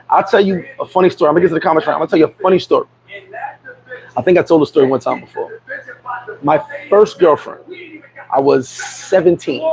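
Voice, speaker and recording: A man's voice: fairly high pitch, gravelly, poor audio. A middle-aged man hosting a vlog, telling a candid personal story in a streetwise way, restarting and repeating himself. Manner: streetwise, repeats and restarts, frequent "you know what I'm saying". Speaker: vlog host. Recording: loud crowd chatter behind.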